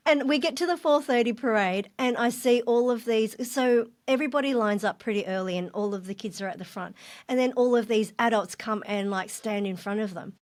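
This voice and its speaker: A middle-aged woman telling a personal story as a podcast guest, animated, laughing and gushing as she talks. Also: a little high, normal speed. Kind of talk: casual storytelling.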